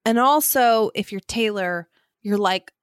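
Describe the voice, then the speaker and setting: A woman's voice: medium pitch, a little slow, smooth, dry recording, studio quality. A woman co-hosting a podcast, chatting casually and laughing as she jokes. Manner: chatty, laughs while joking. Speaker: podcast co-host. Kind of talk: casual chat.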